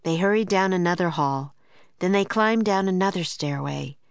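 A woman narrating a children's story in a measured, clear storytelling manner. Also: on the low side, dry recording. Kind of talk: audiobook narration.

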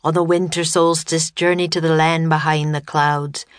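A woman voicing a huge, gruff, one-eyed bearded wizard who speaks slowly and scornfully in a storybook reading. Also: little pitch movement, dry recording, clean studio sound, close to an everyday voice. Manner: booming and slow.

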